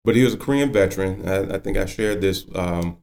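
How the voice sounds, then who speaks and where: A man's voice: deep voice, a little fast, gravelly, a little mellow. A man in his fifties, a judge, telling his personal story earnestly and with emotion. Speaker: guest, county judge.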